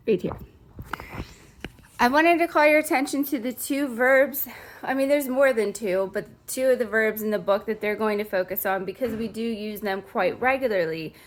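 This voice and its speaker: A woman Spanish teacher giving a recorded online grammar lesson, chatty and reassuring, slowly drilling verb conjugations into a close microphone. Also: mid-range voice, a bit bright.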